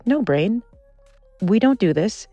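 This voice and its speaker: A man's voice: sits high, expressive, slow pace, dark tone, no echo, faint music behind, pitched above the performer's own voice, full character voice. A man voicing his own body as a firm, scolding inner voice that insists on saying no.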